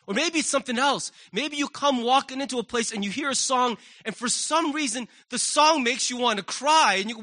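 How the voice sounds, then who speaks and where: Animated bright-voiced male preacher. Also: very high-pitched, fairly quick, few pauses. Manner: animated, acts out quoted voices. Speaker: pastor. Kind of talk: sermon. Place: church sanctuary.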